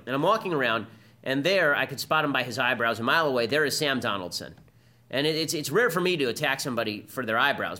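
Guy ranting fast on his podcast, bright voice, pitch jumping all over. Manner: combative, fast-talking monologue. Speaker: podcast host. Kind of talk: political commentary podcast.

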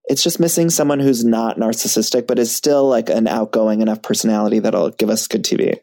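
A man chatting as a podcast guest, animated and self-mocking, laughing at himself often. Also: fairly low pitch, fairly quick, creaky. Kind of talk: casual chat.

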